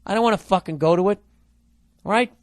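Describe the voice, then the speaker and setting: A man's voice: high-pitched, quick pace, dry recording. A man hosting a comedic podcast, giving advice in an exasperated, profane rant.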